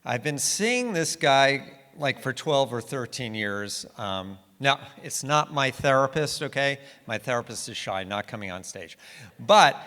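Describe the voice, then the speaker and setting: A man with a bright, forceful, fairly high voice jokes playfully while introducing the host. The voice echoes through a large hall with long reverb. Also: animated, a little slow. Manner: joking, playful. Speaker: nonprofit staff presenter. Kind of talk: thanks and introduction at a live event. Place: stage in a hall.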